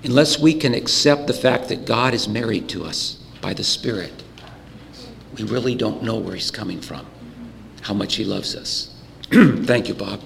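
A man preaching a sermon earnestly, clearing his throat often, his voice a little choked up. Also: fairly low pitch, a little slow, long reverb tail, a little hiss or hum. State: voice getting choked up. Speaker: pastor.

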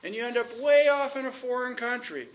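A man preaching a sermon in a conversational way, asking the congregation questions and slowing down to stretch out key phrases. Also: extremely high pitch.

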